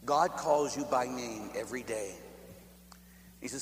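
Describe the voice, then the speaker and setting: A man, a priest from Pittsburgh, telling personal stories in a sermon, lively and laughing at times, then dropping to soft hushed tones. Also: mid-range voice, a little slow. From Pittsburgh, USA. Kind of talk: storytelling sermon. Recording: echoey church hall with faint hum.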